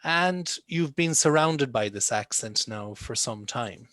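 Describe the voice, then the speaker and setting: A man's voice: medium pitch, lively intonation, slow, a bit bright, no room sound. Guy teaching english on a zoom call, chatty, keeps asking questions, dry sound. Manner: conversational, questioning students. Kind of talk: online lesson. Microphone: video call.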